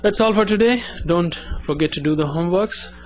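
A man teaching an Arabic lesson, drilling words slowly for listeners to repeat. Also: high voice. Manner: slow, drilling call-and-repeat. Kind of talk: classroom language lesson.

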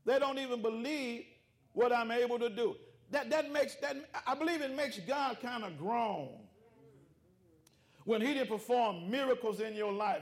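A man preaching a sermon, calling out to his congregation, with rhythmic repetition and informal vernacular speech. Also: very high-pitched. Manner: preaching with call-outs to the congregation. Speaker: pastor.

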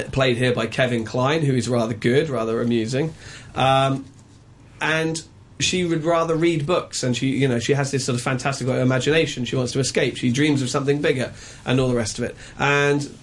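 A man's voice: mid-range voice, steady tone, normal speed. A man reviewing a film in a casual radio chat, opinionated and chatty, with frequent ums and uhs.

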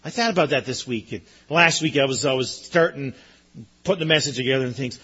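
A man's voice: fairly high pitch, expressive, fast talker, a bit bright, slightly rough, lo-fi sound. A man preaching a sermon in an earnest, emphatic way, often repeating his points. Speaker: pastor.

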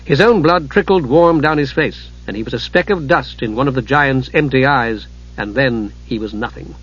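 A man reading a fantasy novel aloud in measured, dramatic audiobook narration. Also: mid-range voice, a bit bright, slightly rough. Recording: dull lo-fi recording.

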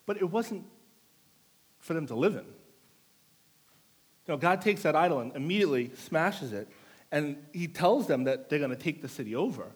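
A man's voice: sits high, moderate pace, pauses often, husky. A male pastor preaching a sermon in a playful way, teasing the congregation and drawing people up front to take part. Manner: animated storytelling with audience participation.

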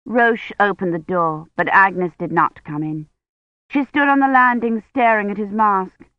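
A woman narrating an audiobook in a measured, even storytelling manner. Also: mid-range voice, no room sound. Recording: dull dry recording.

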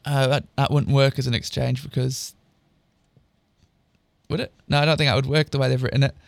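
A man's voice: mid-range voice, flat delivery, a little fast, vocal fry, no echo. A young man doing a sarcastic dramatic reading of amateur fiction, stopping to mock its typos and plot. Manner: sarcastic, interrupts to comment on typos. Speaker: reader of amateur fan fiction. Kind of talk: mocking dramatic reading with asides.

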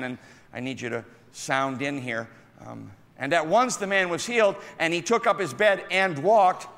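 A male pastor giving an animated sermon, calling out to his congregation. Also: medium pitch. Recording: echoey hall.

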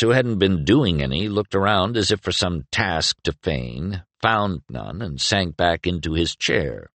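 A man narrating a fantasy audiobook in a measured, expressive manner. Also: deep voice, no echo. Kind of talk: scripted narration.

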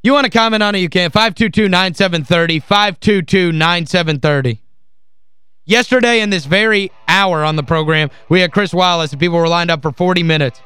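This studio sports radio host has a high-pitched, bright, forceful voice with a clean tone and no echo. During a call-in sports talk rant he gets heated and exasperated, repeating phrases to hammer his points home.

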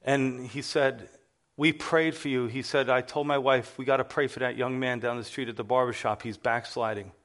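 This middle-aged man, a pastor, tells his personal testimony animatedly during a sermon, voicing the characters in his story. His voice is medium-pitched and moves at a moderate pace.

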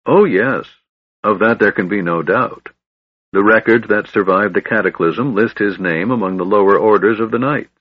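A man's voice: on the low side, moderate pace, breathy edge, lo-fi sound. A man voicing a bitter, honor-bound young knight with a grave, brooding delivery.

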